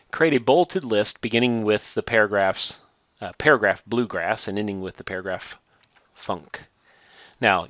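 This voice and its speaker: A lower-pitched man guides a computer lesson at an even, methodical pace, reading instructions aloud before showing each click. His delivery is patient and relaxed, with small self-corrections along the way. The sound is dry and close, with no room echo. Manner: methodical, reads steps aloud then demonstrates. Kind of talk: software tutorial screencast.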